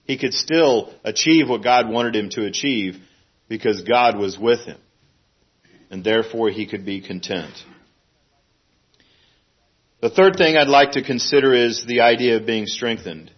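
A middle-aged man preaching a sermon in a plain, earnest way, now and then acting out a fussing parent in a sudden high voice. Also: a little slow, long pauses, slightly rough, dull audio.

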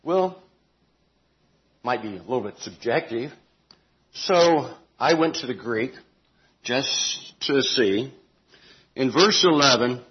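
Guy teaching bible study, slow and emphatic, voice goes up and down a lot, muffled lo-fi recording. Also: mid-range voice. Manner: deliberate, emphatic, with homely asides and self-corrections. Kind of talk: informal Bible teaching to a group.

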